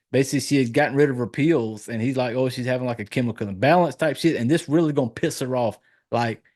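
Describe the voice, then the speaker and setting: A man's voice: mid-range voice, darkish tone. A married man hosting a horror movie podcast, recapping scenes in casual chat and acting out the characters' lines in a raised voice. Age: adult, married. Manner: loose, profane storytelling, acting out lines in a raised voice. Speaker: podcast host reviewing a horror film.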